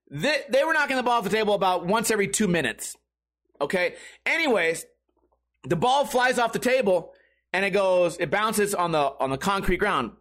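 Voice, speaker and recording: A man hosting a comedy podcast, telling a profane, exasperated story with animated mimicry. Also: sits high. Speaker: podcast host.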